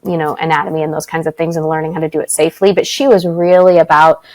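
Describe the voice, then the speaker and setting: A woman's voice: deep voice, flat delivery, fast talker, a little mellow, low-quality recording. A middle-aged woman from Canada, a guest on an interview podcast, telling personal stories with laughter and acted-out quotes. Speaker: podcast guest, actress and spiritual teacher. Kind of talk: casual interview storytelling.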